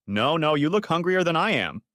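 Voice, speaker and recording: A man's voice: fairly high pitch, big pitch swings, moderate pace, fairly bright tone, dry recording, clean studio sound, pitched above the performer's own voice. A man voicing a heavy, jolly man who whines about food. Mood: whiny jolly. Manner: whiny.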